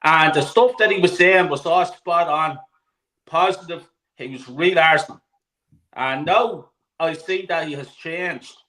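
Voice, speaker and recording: Irish man, high and bright voice, animated football host, swears freely, on a video call. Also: a little slow, low-quality recording. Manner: animated, swears freely, laughs mid-story. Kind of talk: casual chat, storytelling.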